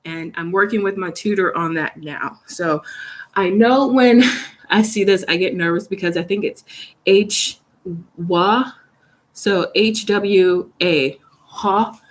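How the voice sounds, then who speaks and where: A young woman, a vlogger who teaches English in South Korea, chats casually on a phone-camera live stream from her studio. Her voice is fairly low and her pace moderate, and she rambles with fillers and laughs easily.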